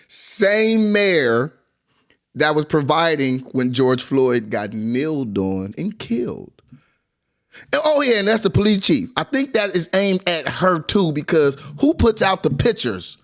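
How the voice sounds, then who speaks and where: A man reacting to press conference footage in animated commentary, exclaiming and laughing as he talks. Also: fairly high pitch, slow. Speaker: commentary video host.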